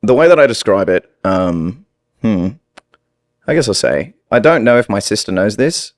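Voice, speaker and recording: An American man with an Australian-tinged accent, telling stories as a podcast guest in an animated, laughing way. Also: lowish voice, moderate pace, dry recording, clean studio sound. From United States. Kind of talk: casual storytelling.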